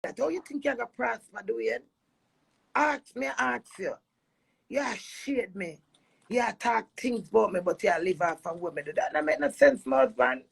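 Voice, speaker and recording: A Jamaican woman with a gravelly, husky voice, airing a heated complaint about her marriage in an emphatic, repetitive monologue that mixes patois and English. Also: a little high, lively intonation, moderate pace. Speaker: dancehall personality airing a marital dispute.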